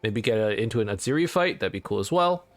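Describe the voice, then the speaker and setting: A man hosting a let's play, casually commenting on his game in an excitable, rambling way. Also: lowish voice, fast talker, soft background music.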